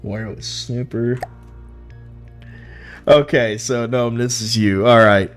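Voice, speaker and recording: A man's voice: medium pitch, steady tone, slow, faint music behind. A young man streaming, giving frank, profane, easily amused commentary on viewers' builds. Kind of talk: casual live-stream commentary.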